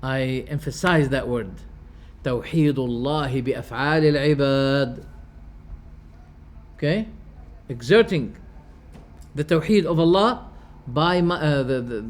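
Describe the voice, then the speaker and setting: Taking his time with long pauses, a medium-pitched man teaches religion to a class. He rephrases each term in everyday language and keeps posing rhetorical questions.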